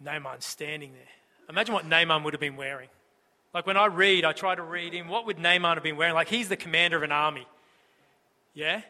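High, bright-voiced preacher in a church hall. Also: male voice, brisk. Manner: conversational storytelling, rhetorical questions. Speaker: pastor. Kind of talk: sermon.

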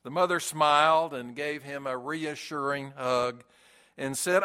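A man preaches a sermon in a slow, measured way, leaning on pauses for weight. His voice sits a little high and carries a bright, forceful edge. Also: steady tone, smooth. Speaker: pastor.

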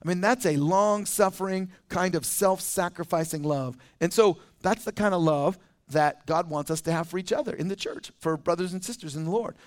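High-voiced man preaching a casual sermon. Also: moderate pace. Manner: conversational, chuckles often, acts out little scenes. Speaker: pastor. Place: church.

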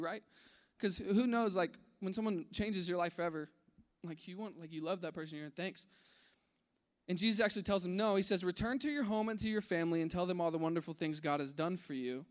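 A man with a high voice gives a relaxed, conversational sermon to a room full of people. He acts out voices in his story and swings from loud to hushed. His voice rings with a long hall reverb. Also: brisk. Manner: animated, acts out voices in his story, drops to a hush at key points. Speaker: preacher. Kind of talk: casual sermon. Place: large room with an audience.

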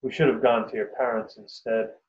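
A man's voice: fairly low pitch, level tone, fairly quick, far from the mic, lightly acted. A man doing a sarcastic bitter cyclist. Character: sarcastic thin male cyclist, dry and bitter. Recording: dull roomy recording.

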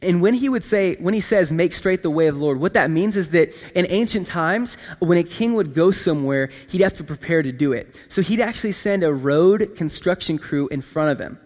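A man's voice: high-pitched, moderate pace, few pauses. Conversational male preacher in a big hall. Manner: conversational, animated, checks in with "right?" and "okay?". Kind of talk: casual sermon. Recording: long hall reverb.

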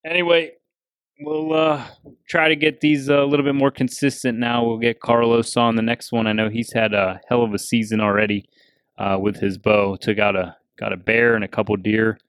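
The clean studio sound is dry, and his mid-range voice moves at a normal speed with a clean tone. He's a podcast host laughing his way through an animated fishing story in casual chat.

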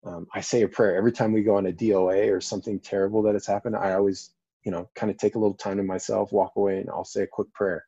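A man's voice: fairly low pitch, little pitch movement, quick pace, warm tone, slightly rough, dry recording. A man, a firefighter and paramedic, telling a story in a casual interview in an earnest, rambling way with many fillers. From Colorado, US. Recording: dull lo-fi dry audio.

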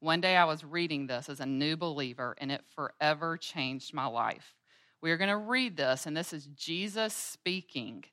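A woman's voice: low voice, animated, normal speed, fairly bright tone, no room sound, clean studio sound. A woman in her thirties teaching a women's Bible study, telling everyday stories in an earnest way. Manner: earnest storytelling, acting out everyday scenes with quoted voices.

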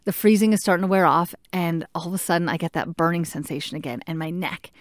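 A woman casually telling a personal story in an animated way, acting out what people said to her. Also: on the low side, quick pace, no echo, clean studio sound. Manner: animated, acts out what others said. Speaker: patient recounting a procedure.

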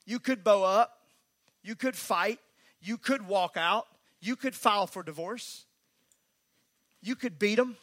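A man preaches at a church service, his voice pitched high and ringing bright. He talks emphatically but conversationally, mixing the sermon with folksy asides. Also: slow pace, pauses often. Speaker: pastor.

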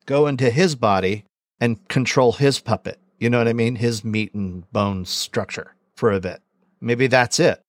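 Man, podcast co-host, casual chat, rambling, mid pitch, dry close sound. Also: normal speed, no room sound. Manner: rambling, conversational, enthusiastic.

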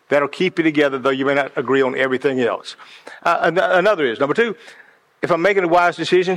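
A man's voice: on the high side, fairly bright tone. Passionate man preaching in a hall. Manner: passionate, earnest, repeats words as he builds up. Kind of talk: sermon-like storytelling talk. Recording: long hall reverb.

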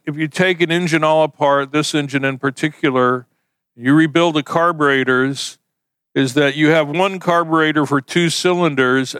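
Male pastor, conversational sermon delivery, folksy, slightly higher voice, smooth and clear tone. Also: a bit bright, no room sound. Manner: conversational, folksy, with homespun illustrations.

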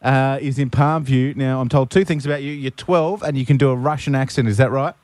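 A man's voice: mid-range voice, steady tone, fairly quick, a little mellow, no room sound. Teasing male radio host. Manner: teasing, joking, laughs often. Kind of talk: breakfast radio banter. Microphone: studio microphone.

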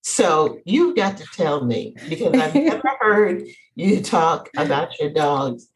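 A woman hosting a casual chat, playful and animated, laughing as she talks. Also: low-pitched, a little slow, rough recording. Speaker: podcast host.

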